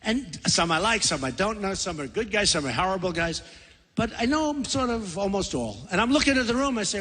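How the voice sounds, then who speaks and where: A man's voice: high-pitched, very animated, brisk, pushed and bright, husky. A man in his sixties giving a boastful, rambling, repetitive campaign rally speech in a large convention center. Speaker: political candidate. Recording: long hall reverb.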